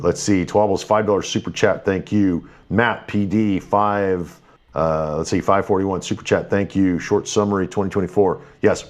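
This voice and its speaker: A man hosting a live stream, thanking viewers and running through their messages in an upbeat, slightly tired way with lots of fillers. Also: deep voice. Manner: upbeat, thankful, quick rundown with fillers and restarts. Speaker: livestream host. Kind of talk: live stream commentary, reading super chats.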